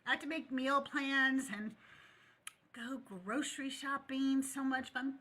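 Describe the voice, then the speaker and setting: A woman's voice: high-pitched, flat delivery, unhurried, bright, forceful tone. A woman hosting a live call-in stream, talking bluntly and casually while chewing gum. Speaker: livestream host.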